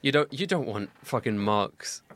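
A man from Britain, a rapper, guesting on a podcast and joking around in quick, casual interjections. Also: lowish voice, lively intonation, fairly bright tone, slight background noise. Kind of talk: casual chat.

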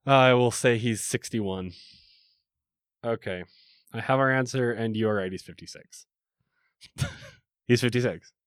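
A man's voice: mid-range voice, measured pace, pauses often, no room sound. Man, podcast co-host, laid-back and teasing, dry close sound. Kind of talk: casual comedy podcast banter.

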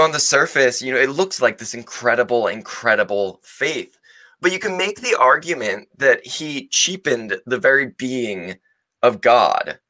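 A man's voice: mid-range voice, sharp tone. A man giving a sermon in a casual, conversational way, often hedging and restarting his sentences. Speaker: preacher.

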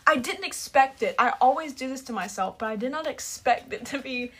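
A woman's voice: high-pitched, a little fast, husky. Bubbly young woman hosting a chat podcast. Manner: animated, laughs often. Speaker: podcast host. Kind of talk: casual chat.

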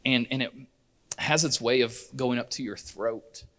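A man's voice: mid-range voice, unhurried, sharp tone. A middle-aged man preaching a sermon in church, earnest and conversational, often restarting his sentences. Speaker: pastor.

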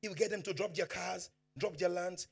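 A man with a Nigerian accent preaching a sermon as pastor, fervent, swinging from hushed to shouting, and dropping Pidgin asides. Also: sits high, brisk, creaky, slightly rough, faint music behind.

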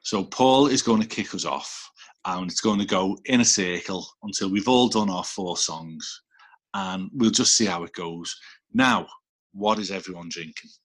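A man's voice: low-pitched, normal speed, fairly bright tone. A man with a Liverpool accent hosting a casual podcast over a video call, teasing and swearing at his friends. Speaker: episode host.

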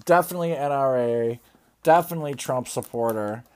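A man hosting a podcast in a crude, rambling comedic rant, swearing constantly and often trailing off into low mumbles. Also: fairly quick, a little mellow. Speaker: podcast host.

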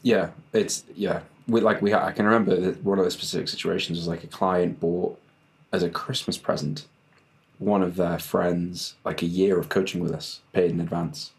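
A man's voice: deep voice, fairly even intonation, moderate pace, creaky. A man, a fitness coach and podcast co-host, chatting in a laid-back way on a video call and laughing easily. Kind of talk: casual podcast chat. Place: home setup on a video call.

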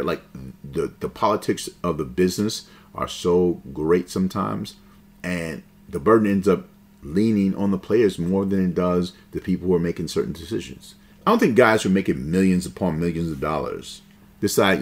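A man's voice: low-pitched, lively intonation, normal speed. A man in his forties hosting a basketball podcast, opinionated and conversational, with slang asides. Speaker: podcast host. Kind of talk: casual basketball commentary.

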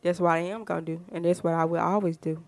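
A woman's voice: lowish voice, steady tone, quick pace, dry recording. A woman hosting a podcast, talking in a fired-up, emphatic casual monologue full of rhetorical questions. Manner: fired-up, emphatic, frequent "you know what I'm saying". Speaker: podcast host.

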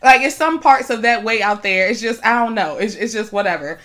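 Animated young woman telling a story. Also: on the high side, a little fast. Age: young adult. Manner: animated, emphatic, swings loud when retelling confrontations; laughs often between phrases. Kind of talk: casual storytelling chat.

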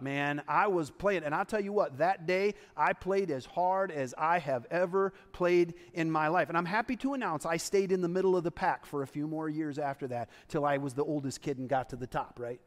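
A male pastor preaching a sermon in a conversational, emphatic way, with quick asides to the congregation. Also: a little high, in a large hall.

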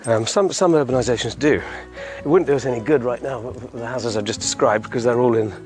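A man's voice: mid-range voice, a little fast, over music. A middle-aged man hosting a community podcast outdoors, walking a hillside road and chatting casually with frequent chuckles.

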